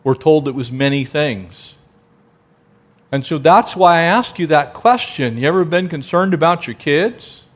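A man preaching a sermon, asking the congregation rhetorical questions and now and then dropping to a soft, gentle tone. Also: fairly high pitch, lively intonation, measured pace. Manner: drops to a soft, gentle tone for quiet passages. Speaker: pastor.

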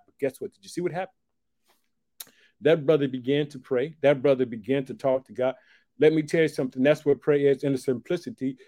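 Excited preacher man, mellow voice. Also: mid-range voice. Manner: exclaiming, repeats "boy" and "check it out"; reads scripture aloud in a raised, drawn-out voice. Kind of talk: sermon.

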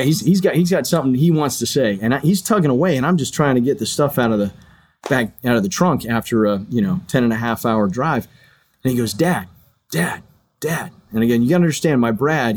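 Interview guest: middle-aged man, earnest, conversational storyteller, mid pitch. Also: darkish tone. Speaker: guest, retired fighter pilot and chaplain.

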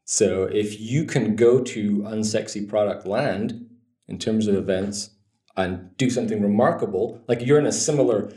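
A man's voice: fairly low pitch, moderate pace, mellow, echoey room. A man speaking as an interview guest on optimization, blunt and joking, swearing freely in casual chat. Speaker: guest, conversion optimization expert.

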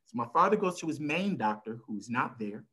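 A man talking as a podcast guest and caregiver, telling a family story in a relaxed conversational way, with lots of "you know" and acted-out lines from family members. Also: mid-range voice, fairly quick, low-quality recording. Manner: frequent "you know" fillers. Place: lives in El Paso, Texas.

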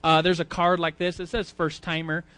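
A man's voice: a little high, flat delivery, normal speed, fairly bright tone. Chatty male Sunday school teacher. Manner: chatty, repeats words, asks the audience questions. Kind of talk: casual sermon. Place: church classroom.

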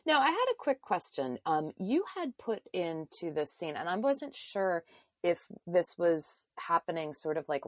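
A woman's voice: deep voice, no echo. A woman hosting a podcast, chatting animatedly with fillers and frequent laughs. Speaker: podcast host. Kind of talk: casual chat and reading a book excerpt aloud.

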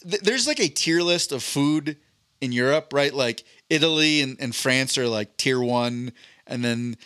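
A man's voice: medium pitch, animated, measured pace, fairly bright tone, smooth, no room sound, clean studio sound. A man co-hosting a podcast, telling a long, rambling story in casual chat with a swear here and there. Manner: rambling anecdotal storytelling with profanity. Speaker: podcast co-host.

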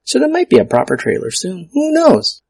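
Gravelly, husky man hosting a podcast. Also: very high voice, huge pitch swings, moderate pace, a little mellow, no room sound. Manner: self-mocking, stumbles over words. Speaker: podcast host. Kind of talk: casual solo podcast talk.

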